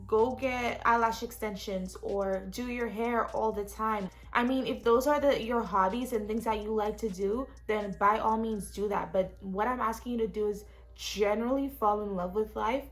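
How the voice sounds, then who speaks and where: This young lifestyle vlogger has a steady, mid-range voice and a moderate pace. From her small studio apartment she gives casual self-help talk, addressing viewers frankly and occasionally swearing.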